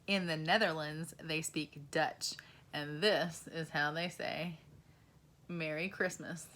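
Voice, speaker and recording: A woman in her twenties or thirties gives a slow, encouraging lesson to young children and asks them questions. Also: low-pitched, steady tone, a bit bright. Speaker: preschool teacher.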